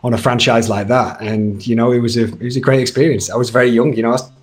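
A man's voice: medium pitch, fairly even intonation, fast talker. A man in his thirties with a Northern English accent, chatting casually as an actor guest in an interview, with lots of fillers and restarts. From Northern England. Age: 30s.

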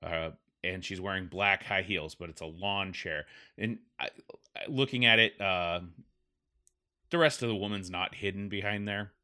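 A man's voice: sits low, moderate pace, bright, forceful tone, clean tone. A man hosting a podcast, rambling through wry, self-deprecating comedic commentary.

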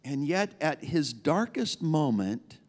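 A man's voice: fairly high pitch, big pitch swings, slow, a little mellow. A male pastor preaching a sermon in a conversational, emphatic way, repeating key phrases. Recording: long reverb of a large hall.

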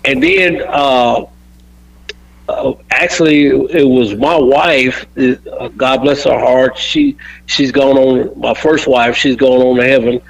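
A man's voice: medium pitch, steady tone, takes it slowly, vocal fry. An older man, a podcast guest, telling long stories in a rambling way, repeating words as he goes. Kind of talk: podcast storytelling. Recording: dull lo-fi audio.

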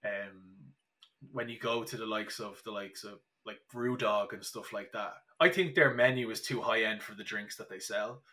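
Young irish guy chatting on a podcast, bright forceful voice, keeps restarting his sentences, lots of "like". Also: lowish voice, moderate pace. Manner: chatty storyteller, many restarts and fillers. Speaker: podcast guest. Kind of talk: casual podcast chat.

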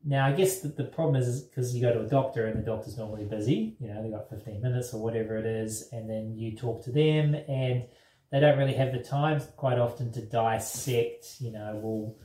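A man with a New Zealand accent talks through his thoughts in a rambling, unhurried way, full of fillers and restarts. His voice is mellow and dark. It is recorded from a distance in an echoey room. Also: medium pitch. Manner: rambling, searching for words with many fillers. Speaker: mental health nurse. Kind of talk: conversational interview.

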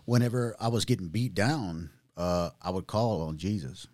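A man sharing his own testimony in casual chat, animated, using street slang and acting out other people's voices. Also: low-pitched, moderate pace, no echo.

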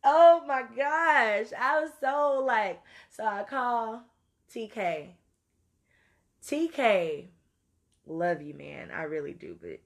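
A woman telling a story in an animated, profane way, moving between loud outbursts and low asides. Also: unhurried. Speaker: podcast host. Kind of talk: storytelling monologue.

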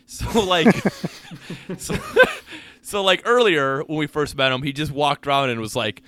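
A man's voice: a little high, expressive, unhurried, a bit bright. A man co-hosting a podcast in casual chat, playful and laughing often as he argues odd tangents. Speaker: podcast co-host.

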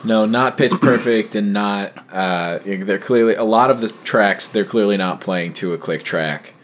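Low-voiced man hosting a music chat. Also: a little slow, a little hiss or hum. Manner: thoughtful, steers the conversation. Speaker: podcast host. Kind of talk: casual music discussion.

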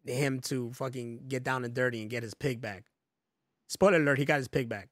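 A man co-hosting a podcast in casual chat, joking loudly and swearing freely. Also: mid-range voice, fairly even intonation, fairly quick, no room sound, studio quality. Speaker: podcast co-host.

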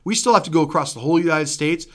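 A man telling a story in casual chat, acting out quotes, swearing freely and trailing off into quiet mumbles. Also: fairly high pitch, rapid-fire. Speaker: former band member, guest.

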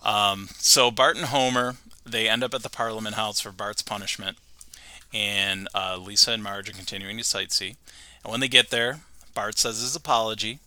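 Bright, laughing male podcast host. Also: fairly low pitch, normal speed. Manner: animated storytelling, laughing often. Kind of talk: recapping a cartoon episode.

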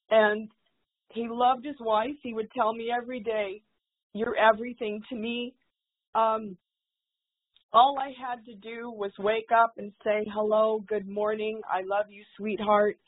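A woman's voice: a little high, steady tone, unhurried. A woman being interviewed as a guest, speaking in a heartfelt, devout way. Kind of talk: casual interview talk. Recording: phone-like call audio.

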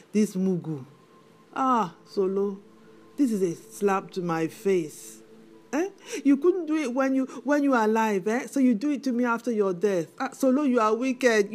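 In a film drama, a middle-aged Nigerian-accented woman portrays a widowed mother who is bitter and wounded, often letting out indignant "eh?"s through her tears. Her voice is medium in pitch, at a moderate pace, and the performance feels lightly acted.

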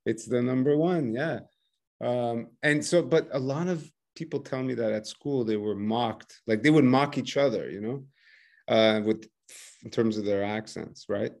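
Hosting a relaxed podcast chat, this English teacher, a bilingual English and French speaker based in France, laughs often between his points. He speaks at a measured pace with a medium, slightly mellow voice.

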